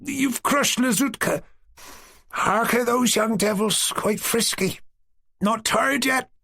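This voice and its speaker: A man's voice: extremely high pitch, slow pace, gravelly, sharp tone, no echo, studio quality, voice pushed up, heavily acted. A man putting on a sleepy, grumbling old peasant woman. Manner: drawling, grumbling.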